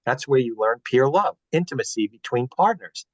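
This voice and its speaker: A man's voice: mid-range voice, animated, moderate pace, dry recording. Earnest man advising parents. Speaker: guest speaker. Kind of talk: webinar talk. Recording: dull, dry webinar audio.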